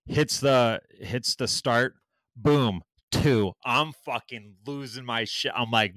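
Animated, cussing storyteller guy. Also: mid-range voice, takes it slowly, dry recording, clean studio sound. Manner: animated storytelling, heavy swearing, acts out quotes. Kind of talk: casual chat.

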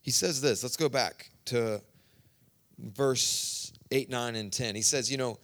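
Taking it slowly in a mid-range voice, a male preacher tells his sermon like a story in conversation, alternating loud outbursts with quiet asides.

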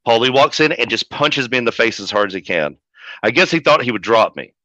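A man who manages pro wrestlers, telling a story as a podcast guest in a profane, animated way. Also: mid-range voice, a little fast, no room sound. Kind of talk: casual storytelling. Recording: dull lo-fi audio.

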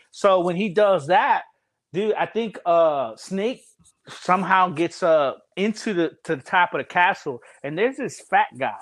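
Animated man telling game stories. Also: high-pitched. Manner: animated, loud, laughing, profane. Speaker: podcast guest telling stories. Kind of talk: casual storytelling chat.

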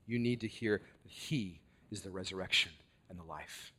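A man preaching a sermon with earnest, deliberate delivery and dramatic emphasis. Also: sits low, pushed and bright, slightly rough.

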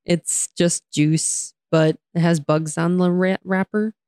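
Young woman co-host, low-ish voice, dry sound, casual, lots of laughs and rants. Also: slow, dry recording. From United States. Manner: animated, laughs often, rants. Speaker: podcast co-host. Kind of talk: casual chat.

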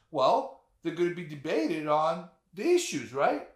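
Male podcast co-host, mid pitch, very lively delivery, swears freely, keeps asking "right?" and "okay?", echoey room. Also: unhurried. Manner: animated, profane, rhetorical questions. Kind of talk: casual political chat.

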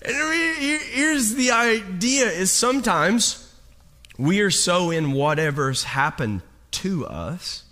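A man's voice: high voice, expressive, slow, bright, forceful tone. A man preaching a sermon to his congregation, telling a personal story with many restarts and repeated words. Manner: speaks straight to the congregation. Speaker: pastor.

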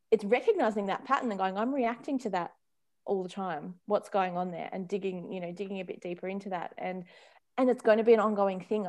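A woman's voice: medium pitch, vocal fry, darkish tone. A woman in her thirties, a parenting consultant, chatting casually as a podcast guest, laughing often and acting out little quoted voices. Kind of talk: casual conversational chat.

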